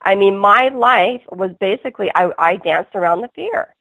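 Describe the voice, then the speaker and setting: A woman's voice: mid-range voice, normal speed, gravelly, no echo. A woman guest on a call-in radio interview, telling her story earnestly in a rambling way, full of restarts. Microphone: phone. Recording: tinny phone line.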